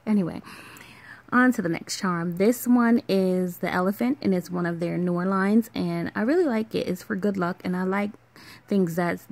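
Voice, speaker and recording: A woman in her thirties with a Caribbean island accent chats casually in a home vlog. Her voice has a gravelly, creaky edge, and her talk wanders, filled with ums and small laughs. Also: lowish voice. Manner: relaxed, rambling, with fillers and soft laughs. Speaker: vlogger. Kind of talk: casual show-and-tell vlog.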